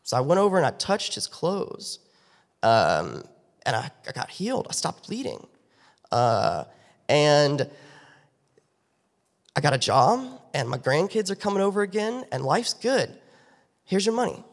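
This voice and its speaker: A man voicing a healed grandmother who tells her story in an earnest, halting way. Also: fairly high pitch, very animated, vocal fry, full character voice. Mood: relieved. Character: healed grandmother, happy and relieved. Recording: long reverb of a church hall.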